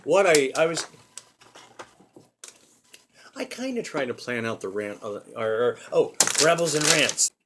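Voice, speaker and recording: A man's voice: medium pitch, big pitch swings, unhurried, long pauses, noisy background. A man hosting a casual comedy show, telling stories in a rambling way with restarts and frequent laughter. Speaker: comedy podcast host.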